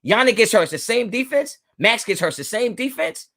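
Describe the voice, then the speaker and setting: A little fast with lively intonation, his high voice is creaky, bright and forceful. The man hosts a live sports fan stream, speaking to his chat directly, casually and emphatically, and restating his points.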